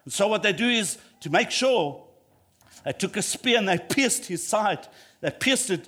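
High-voiced emphatic male preacher. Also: fairly bright tone. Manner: emphatic, rising to passionate peaks, repeats lines for effect. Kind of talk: sermon.

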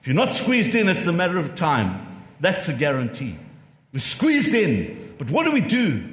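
A man's voice: on the high side, huge pitch swings, moderate pace. A man preaching a sermon, emphatic and fond of rhetorical questions and repeating key lines. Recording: echoey hall with long reverb.

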